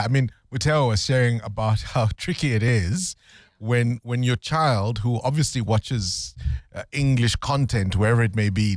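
A man's voice: medium pitch, no echo. Male breakfast radio host, teasing and chatty, close dry mic. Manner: teasing, conversational. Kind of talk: casual radio chat. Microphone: studio mic.

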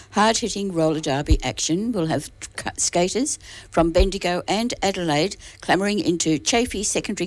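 A woman's voice: fairly low pitch, darkish tone, no echo. A woman reading local newspaper articles aloud on radio, restarting words and adding dry asides.

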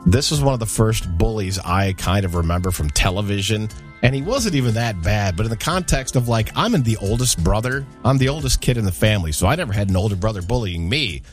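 A middle-aged man chatting casually on a podcast, counting down a list and springing up high whenever he quotes someone. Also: fast, soft background music. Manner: animated storyteller, jumps high for quoted voices.

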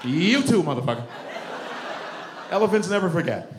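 A man performing stand-up comedy with a profane, animated delivery that keeps jumping into loud shouts. His voice sits a bit high for a man, with a faint noise under it. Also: moderate pace.

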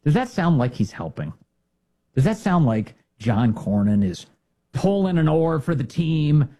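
A man's voice: fairly high pitch, warm tone, breathy edge. A man giving opinionated political commentary in a sarcastic, indignant way. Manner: sarcastic, indignant, mocking impressions.

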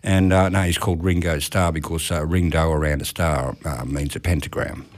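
A man's voice: extremely low pitch, steady tone, normal speed. A man hosting a radio music show, chatting casually and jokingly with plenty of "mate" and "no worries.". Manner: laid-back, jokey, drops in "mate" and "no worries". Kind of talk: casual chat.

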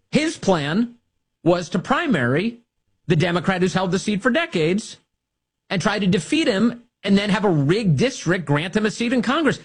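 A man's voice: high voice, husky. A man hosting a talk radio show, delivering a sarcastic, mocking monologue and laughing at his own jokes.

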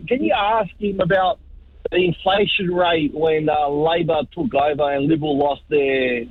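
A man with an Australian accent, a truck driver, calling in to a radio show, talking haltingly and joking. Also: on the high side, no room sound. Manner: halting, joking, many fillers. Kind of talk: phone-in call. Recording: tinny phone line.

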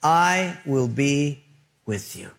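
A pastor voicing God as a calm, slow, reassuring male voice. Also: mid-range voice, vocal fry, heavily acted.

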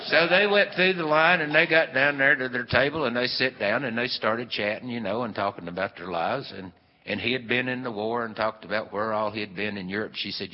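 Male storyteller, drawling, animated, hall reverb, muffled sound. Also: fairly low pitch, fairly quick. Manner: animated, drawling, acts out the dialogue. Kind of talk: folksy spoken storytelling.

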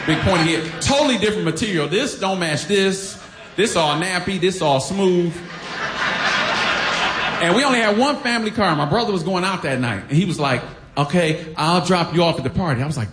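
A man's voice: fairly high pitch, brisk. A man from Detroit telling a funny personal story on stage, acting out the voices of the people in it. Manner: animated, acts out quoted voices, laughing. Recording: echoey hall.

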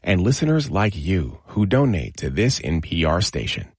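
A man announcer reading a radio sponsor message with a smooth announcer delivery. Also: low-pitched, very animated, normal speed, no room sound, studio quality.

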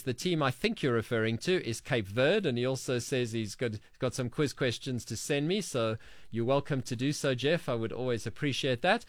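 A man's voice: mid-range voice, no echo, studio quality. A man hosting a radio sports show, reading listener messages and quiz answers aloud in a chatty way. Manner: chatty, reads names and quiz answers briskly.

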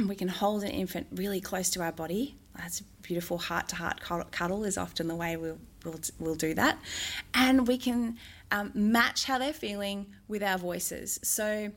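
A woman, a music therapist, explaining in an interview with a gentle manner and bursts of sing-song baby talk. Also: medium pitch, moderate pace. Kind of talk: interview answers.

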